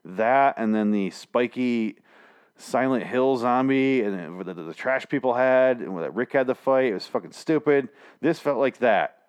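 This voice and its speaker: A man's voice: mid-range voice, lively intonation, normal speed, clean tone. A man hosting a casual, rambling TV episode recap, full of swearing and restarts. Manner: profane, rambling, frequent restarts.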